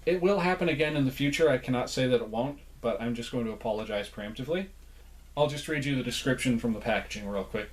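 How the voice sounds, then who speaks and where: Young adult man, mid-pitched, laid-back and rambling with lots of fillers; casual toy-collection host. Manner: relaxed and rambling, with frequent "like" and self-deprecating asides. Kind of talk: casual toy showcase narration.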